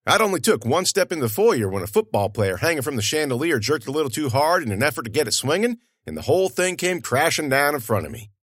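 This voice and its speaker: This audiobook's male narrator talks fast with few pauses, his fairly high voice slightly rough, and his lively inflection gives the story a folksy, friend-to-friend feel. The sound is close and dry, with no room around it.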